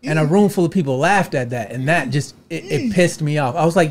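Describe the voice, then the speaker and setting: Animated, profane male comedian storyteller. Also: a little high, brisk, few pauses. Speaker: comedian guest. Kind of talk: casual storytelling chat.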